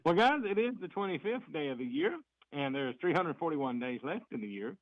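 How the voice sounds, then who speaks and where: A man's voice: a little high, expressive, brisk, dry recording. A man giving a folksy, chatty community report on a morning radio show. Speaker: fire district reporter on radio. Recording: dry, dull lo-fi radio sound.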